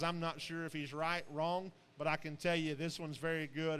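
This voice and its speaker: Man, sale-barn commentator, higher voice, rambling folksy delivery, long hall echo. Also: a bit bright, clean tone. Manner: rambling, folksy, frequent fillers and restarts. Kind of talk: live auction commentary on show pigs.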